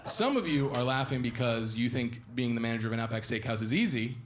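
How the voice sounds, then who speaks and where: A young man with a medium-pitched voice talks fast while doing a stand-up set on a small comedy club stage, telling chatty, self-deprecating stories into a handheld mic. The live club recording picks up the audience noise.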